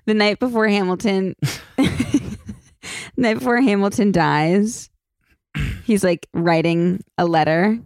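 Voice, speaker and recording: A woman's voice: mid-range voice, takes it slowly, pauses often, no echo, studio quality. A young adult woman hosting a podcast in casual chat, playfully acting out imagined scenes. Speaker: podcast host.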